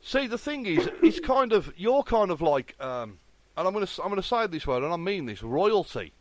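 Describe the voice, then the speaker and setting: A man's voice: high voice, big pitch swings, moderate pace, no room sound. A man hosting a radio interview, eager and full of praise, often restarting his sentences. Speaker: radio host. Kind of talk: casual interview.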